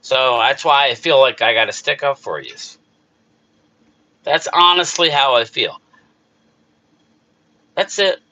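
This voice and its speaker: A man's voice: mid-range voice, animated, measured pace, sharp tone. A middle-aged man with a South Jersey accent, hosting a casual live chat on his sports channel, rambling and emotional as he answers viewers. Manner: rambling, emotional, talks back to chat readers. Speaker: YouTube sports channel host.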